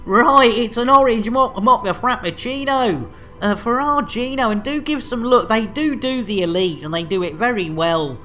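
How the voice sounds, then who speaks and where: A man's voice: extremely high pitch, normal speed, sharp tone. A man casually bantering while streaming a game, rambling and joking with laughs. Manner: jokey, rambling, laughs a lot.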